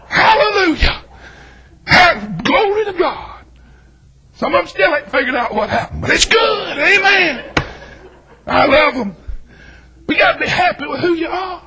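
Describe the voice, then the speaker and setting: A middle-aged Southern US preacher delivers a shouted sermon in a high, bright voice. His pitch jumps all over as he hollers and whoops, folksy and animated throughout. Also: poor audio. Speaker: Baptist preacher. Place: church sanctuary.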